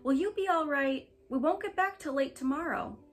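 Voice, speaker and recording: A calm, sensible farm wife of middle years, as a woman reading a storybook puts her on. She talks in a fairly high voice, plain and matter-of-fact, with a note of eagerness, over faint background music. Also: moderate pace, natural voice.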